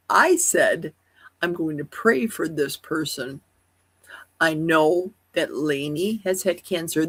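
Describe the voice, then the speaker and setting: A woman hosting a casual livestream chat, with a high, youthful-sounding voice, rambling and asking many rhetorical questions. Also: slightly rough. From Wisconsin. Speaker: livestream host. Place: at home in a forest.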